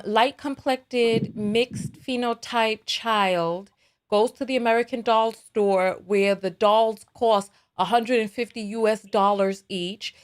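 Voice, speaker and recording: A woman hosting a live call-in talk show, conversational and repeating phrases as she thinks aloud. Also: medium pitch.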